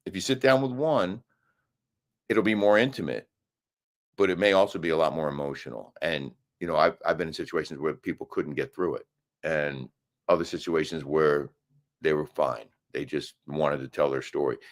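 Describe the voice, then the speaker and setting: Middle-aged male co-host, very low voice, casual live-chat delivery with emphatic argumentative bursts. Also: normal speed. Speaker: co-host of a live daily show. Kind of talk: casual live-stream chat, reading comments. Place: hotel room.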